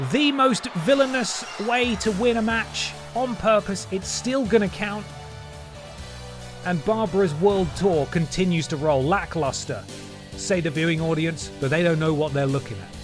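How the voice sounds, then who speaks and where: Give me a man calling a video game wrestling match like a joking announcer, with music behind him. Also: high voice. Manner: jokey mock-announcer delivery with asides. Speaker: gaming streamer. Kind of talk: playful wrestling commentary over gameplay.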